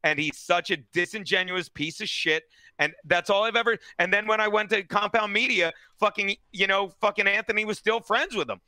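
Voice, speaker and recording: A male comic talks on a podcast in a bright, high voice, heard close and dry. He tells crude stories with lots of swearing, in an animated, mocking way. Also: brisk, no room sound. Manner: profane, animated storytelling. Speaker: stand-up comedian and podcast guest. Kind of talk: casual podcast chat.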